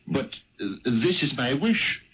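An actor playing an eager, hesitant poor Irish husband who stammers and pleads in a 1970s radio drama. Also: male voice, mid-range voice, sing-song, slow pace, a bit bright, a little hiss or hum. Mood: pleading. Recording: dull lo-fi 1970s radio broadcast.

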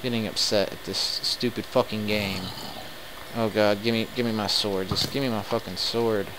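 A man commenting live on his game, excitable and quick to swear in frustrated outbursts. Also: fairly low pitch, background noise. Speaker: let's play gamer.

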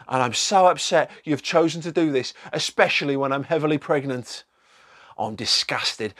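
A man's voice: a little high, close to an everyday voice. A man reading out a post in a raised, plaintive voice, playing an indignant pregnant woman who denies any blame.

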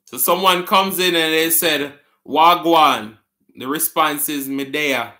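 A man's voice: a little high, moderate pace, sharp tone. A man with a Jamaican accent hosting a casual live stream, reading viewer comments aloud, answering them and laughing often.

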